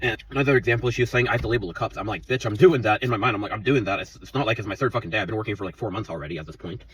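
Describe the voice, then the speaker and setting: A man's voice: fairly low pitch, racing, a bit bright, far from the mic, a little hiss or hum, rough recording. A man in his twenties telling an angry, profane story about his workplace, rambling and heated. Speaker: vlogger.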